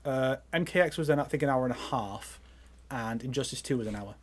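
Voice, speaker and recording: A man's voice: mid-range voice, brisk. A man co-hosting a casual podcast, teasing and insistent. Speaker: podcast co-host. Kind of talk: casual chat.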